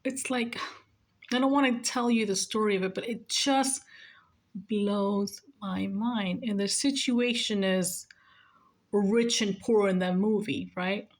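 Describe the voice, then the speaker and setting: A woman's voice: medium pitch, steady tone, slow pace. A woman in her forties, a nurse, giving emotional, earnest advice in a heartfelt monologue and repeating her points for emphasis. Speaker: nurse sharing life advice.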